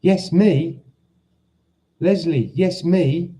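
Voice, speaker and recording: Slow, dark-voiced Cockney man. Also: on the high side, rough recording. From London. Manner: chatty, teasing, easily confused. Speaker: livestream host. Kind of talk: casual live chat reading viewer comments.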